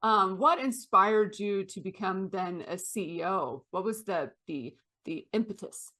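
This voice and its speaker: A woman's voice: medium pitch, unhurried, bright, forceful tone. A woman hosting a casual interview, teasing her guest and laughing easily. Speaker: podcast host.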